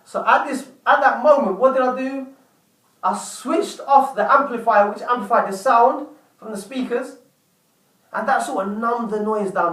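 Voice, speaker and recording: A man's voice: very high-pitched, a bit bright, recorded from a distance. A man giving a self-help talk, telling a personal story in an earnest way and often restating his points. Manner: earnest, repeats and rephrases points. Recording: echoey room, away from the mic.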